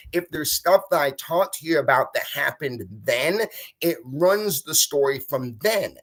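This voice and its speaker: A man hosting a casual live stream, reading viewer comments aloud and encouraging them. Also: a little high.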